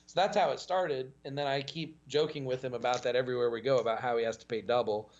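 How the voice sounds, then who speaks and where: A man talking as a podcast guest, in a casual, animated storytelling way. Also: quick pace, lo-fi sound, slight background noise. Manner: animated storytelling with pitch jumps and laughs.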